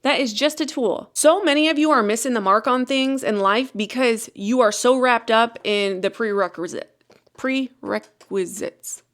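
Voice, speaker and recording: A woman's voice: a little high, unhurried. A woman in her thirties hosting a casual motivational podcast, speaking with passion and repeating phrases for emphasis. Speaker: podcast host.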